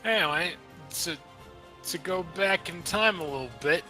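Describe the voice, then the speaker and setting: Rambling, profane young dungeon master. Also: male voice, high-pitched, moderate pace, bright, forceful tone, faint music behind, rough recording. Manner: rambling, profane, offhand storytelling. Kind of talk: casual recap of a tabletop game.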